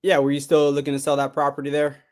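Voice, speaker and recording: A man's voice: on the high side, monotone, quick pace. A man working as a real estate closer, laid-back and chuckling through a casual sales call.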